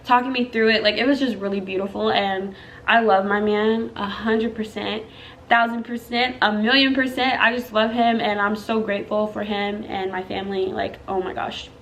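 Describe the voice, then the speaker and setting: Her voice is mid-range and fairly bright, with steady tone and moderate pace, and there's slight background noise. A young vlogger, she recounts her personal story casually to the camera, emotional and chatty, addressing viewers as "girl" and "y'all."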